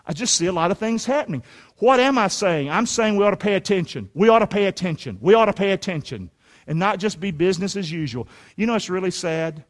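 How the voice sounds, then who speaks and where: A man in his forties preaching a sermon to a congregation, animated and often shouting, firing rhetorical questions at the room. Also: high-pitched, quick pace. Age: 40s. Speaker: pastor. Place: church sanctuary.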